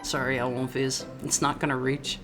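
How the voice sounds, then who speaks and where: A man's voice: mid-range voice, flat delivery, moderate pace, music in the background. A man streaming as a VTuber, chatting casually with his viewers in a playful, teasing way and often stumbling over his words. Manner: playful, stammering restarts, teasing chat. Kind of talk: casual live-stream chat.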